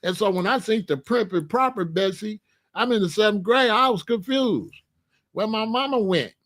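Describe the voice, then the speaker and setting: A man in his sixties telling stories in a casual, animated way, full of street slang and "you know what I'm saying.". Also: sits high, normal speed. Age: 60s. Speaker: channel host. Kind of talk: casual storytelling monologue.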